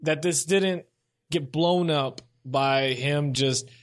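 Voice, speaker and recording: Higher-voiced man giving casual sports takes. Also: slow. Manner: casual, opinionated, thinks aloud. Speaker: sports show host. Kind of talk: solo sports commentary.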